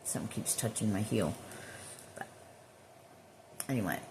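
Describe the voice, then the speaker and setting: A woman's voice: a bass voice, normal speed, dark tone, a little hiss or hum. A woman who works as a spiritual healer, rambling in a casual spiritual monologue with drifting, profane asides.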